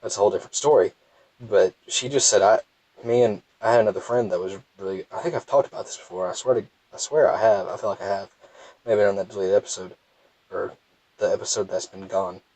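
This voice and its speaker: Low-ish guy, tired, rambles on and trips over himself, talking from his parked car. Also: quick pace, darkish tone, dry recording, low-quality recording. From Mississippi. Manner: rambling, self-interrupting, wry. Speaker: gaming vlogger. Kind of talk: casual rambling commentary. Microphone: phone.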